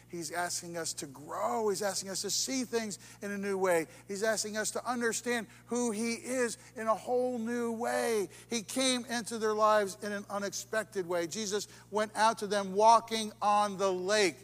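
A man preaching a sermon in a church, swinging between soaring emphasis and hushed, intimate passages. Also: high voice, steady tone, normal speed, few pauses. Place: church sanctuary. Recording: long reverb of a church hall.

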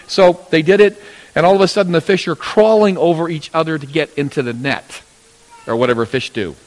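A man preaching a sermon, telling a Bible story and acting out its characters in sudden loud bursts. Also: a little high, brisk. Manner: storytelling, acting out voices of biblical figures with sudden loud rises. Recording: long hall reverb.

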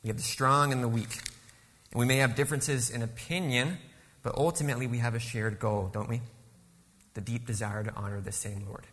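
A man's voice: lowish voice, sharp tone, big-room sound. A man preaching a sermon as guest speaker, asking the congregation rhetorical questions and then answering them. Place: church sanctuary.

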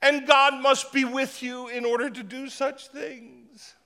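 A preacher putting on a fawning, oily Pharisee. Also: male voice, extremely high pitch, little pitch movement, takes it slowly, sharp tone, in a large hall, voice pushed up, exaggerated voice. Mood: flattering. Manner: oily and sycophantic. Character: fawning, flattering male Pharisee politician.

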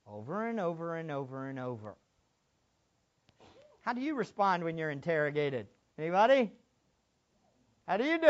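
Male pastor, sermon delivery, swings between hushed asides and loud emphasis, slightly dull recording. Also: on the high side, big pitch swings, normal speed, long pauses.

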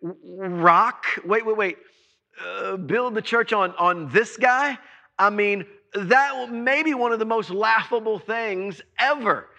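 A man preaching a sermon to his church, repeating words for emphasis and swinging between loud and soft. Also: sits high, a little slow, creaky. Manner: preaching with emphatic repetition and sudden swings in loudness. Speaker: pastor.

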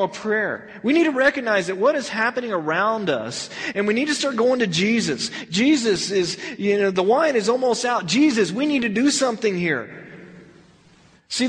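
A man teaching a verse-by-verse Bible study as a sermon, animated and acting out the scenes as he tells them. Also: sits high, long reverb tail. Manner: animated storyteller who acts out scenes.

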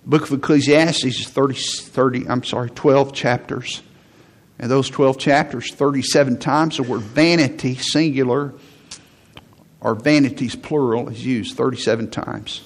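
A pastor with a steady, unhurried, medium-pitched voice delivers a conversational sermon to his congregation. He frequently acts out what people say as he preaches.

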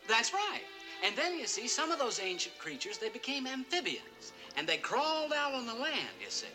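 A man's voice: very high-pitched, big pitch swings, normal speed, over music, low-quality recording. An actor playing a nerdy, bookish man who loves fish, explaining with earnest eagerness. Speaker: film character.

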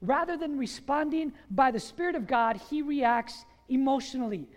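A pastor preaching a sermon, animated and quizzing the congregation with questions. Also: high-pitched, normal speed. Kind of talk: sermon with call-and-response questions. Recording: long reverb of a large hall.

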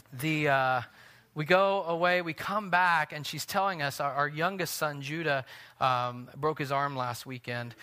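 A man in his thirties delivers a sermon with a bright, forceful voice set a little high. He preaches earnestly, pressing hard on key phrases and then easing into quiet, intimate stretches. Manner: earnest preaching, building to emphatic peaks then dropping soft. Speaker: pastor.

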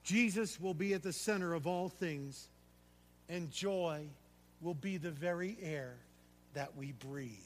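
A high, bright male voice preaching with fervor in a church sanctuary. He swells to ringing declarations and then drops to a hushed, earnest prayer. His voice carries a long reverb from the hall. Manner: impassioned preaching, swelling to shouts then dropping to quiet prayer. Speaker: pastor. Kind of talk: sermon.

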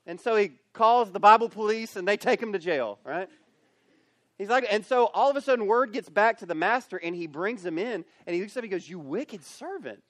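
A man with a notably high voice delivers a youth camp sermon as pastor. He tells the story with energy and slips into character voices. The sound is close and dry. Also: a little fast, no echo. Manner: animated, acts out characters in the story. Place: camp meeting space.

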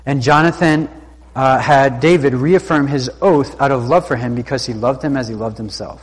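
A man with a medium-pitched voice teaches from scripture at normal speed, leaving long pauses. He reads a verse aloud, then recasts it in casual, slangy language, and the recording sounds like a reverberant hall.

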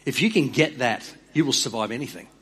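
Husky-voiced man preaching a sermon. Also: animated, brisk. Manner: earnest, dropping to soft emphatic lows; repeats and restarts words. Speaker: pastor.

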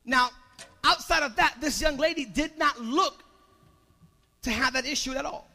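Male pastor, very high bright voice, storytelling sermon that builds to loud preaching, faint music under it. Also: moderate pace, gravelly, big-room sound. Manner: shifts from quiet storytelling to loud, rising preaching.

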